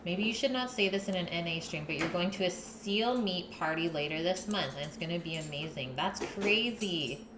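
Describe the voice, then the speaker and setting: A woman's voice: on the low side, moderate pace, echoey room, noisy background. A woman hosting a live cooking stream, chatting casually with her viewers and her partner while she cooks. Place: home kitchen.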